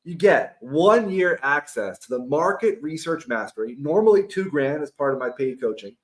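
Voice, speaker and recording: Male webinar host, slightly high voice, excitable salesy delivery, lots of filler and "right?". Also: normal speed. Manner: hyped, loose, repeats "right?" and restarts. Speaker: webinar host pitching a course. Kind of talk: sales pitch.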